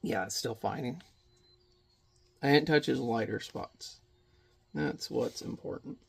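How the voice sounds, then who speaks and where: A man's voice: mid-range voice, slow, gravelly, a little hiss or hum. A man chatting casually while he paints in watercolor, rambling and muttering to himself as he works.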